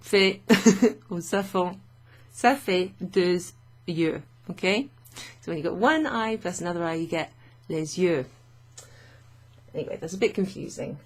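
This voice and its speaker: A woman's voice: on the low side, unhurried. A woman teaching French vocabulary to learners, chatty and thinking aloud with fillers and frequent little laughs.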